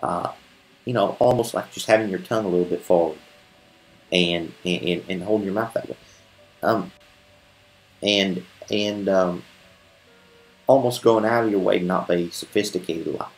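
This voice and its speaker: A man's voice: sits low, normal speed, pauses often, faint music behind, rough recording. A man hosting a casual chat on a stream, repeating words as he thinks and slipping into a put-on folksy drawl with rustic grammar. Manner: repeats words while searching for a thought. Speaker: host.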